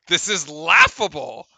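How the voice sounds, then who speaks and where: Young male fan-streamer, high-ish bright voice, exasperated play-by-play, dry close mic. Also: creaky, dry recording. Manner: exasperated, incredulous, laughing at calls, rambling restarts. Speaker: streamer doing live play-by-play. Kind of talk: live fan commentary.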